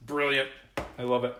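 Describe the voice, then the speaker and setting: A man hosting a casual home cooking show, excitable, exclaiming and laughing often as he chats to viewers in his kitchen. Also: medium pitch, reverberant, noisy background. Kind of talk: casual cooking livestream chat.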